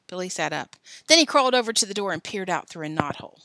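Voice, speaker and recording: A woman reading a children's chapter book aloud in a lively way, giving each character a voice. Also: lowish voice, a little fast, dry recording, studio quality. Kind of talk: storybook read-aloud.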